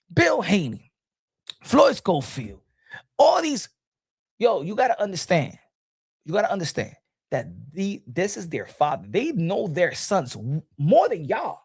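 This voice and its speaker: A middle-aged man hosting a casual boxing talk show, animated and repetitive, talking straight to his viewers in the chat. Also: extremely high pitch, gravelly, breathy edge, no echo, clean studio sound. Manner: animated, repeats himself, addresses folks in the chat.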